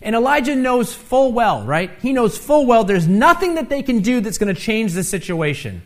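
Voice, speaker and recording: A man preaching a sermon, animated and conversational, with asides and tag questions, rising loud when he acts out the taunts. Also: extremely high pitch, moderate pace. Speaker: pastor.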